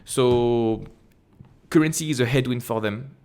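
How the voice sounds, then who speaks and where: A man with a French accent hosts an investing channel, walking through an earnings report and a spreadsheet on his screen. His voice sits in a middle range, and he reads haltingly, correcting himself and stopping for quick asides. The sound comes from a desktop computer mic. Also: mid-range voice, a little mellow, clean tone. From France.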